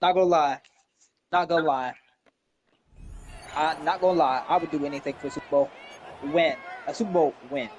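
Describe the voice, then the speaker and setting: A man's voice: on the high side, normal speed, pauses often, dull audio, slight background noise. A young man in casual gaming chat, answering trash talk with goofy, joking banter. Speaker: gaming opponent.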